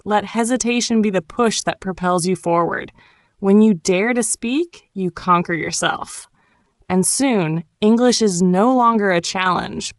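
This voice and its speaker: A woman giving a scripted, encouraging English lesson in a calm, clearly enunciated way. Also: medium pitch, dry recording, clean studio sound. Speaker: English teacher. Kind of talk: scripted motivational narration.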